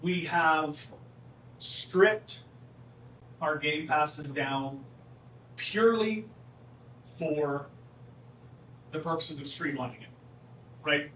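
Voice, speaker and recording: Man, town hall presenter, casual and joking, higher-pitched voice, echoey room, heard from a distance, faint background noise. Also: a bit bright. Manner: casual, joking, addresses the audience directly. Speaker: golf club staff presenting at a town hall. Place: meeting room.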